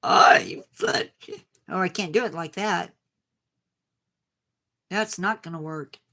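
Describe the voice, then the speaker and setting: A woman's voice: fairly low pitch, unhurried, fairly bright tone. A woman streamer with a slightly sore voice, chatting casually and self-deprecatingly with viewers. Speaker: game streamer.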